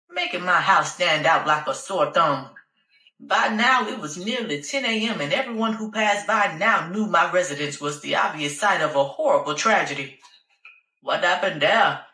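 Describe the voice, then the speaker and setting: A woman narrates a first-person story in a sassy, profane and conversational way. Her voice is bright and forceful. The recording has a roomy echo. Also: on the low side, expressive, moderate pace, far from the mic. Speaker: audiobook narrator.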